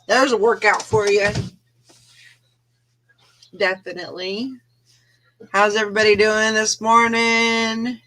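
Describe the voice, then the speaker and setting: A woman's voice: medium pitch, steady tone, takes it slowly, pauses often, pushed and bright. A woman co-hosting a casual live-stream morning show, laughing easily and trailing off mid-sentence. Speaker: co-host of a reseller morning show.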